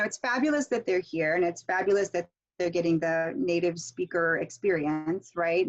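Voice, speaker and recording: Chatty woman teaching on a muffled call. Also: lowish voice. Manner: chatty, explains with many fillers and restarts. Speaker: pronunciation instructor. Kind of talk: online workshop teaching. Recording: muffled lo-fi video call audio.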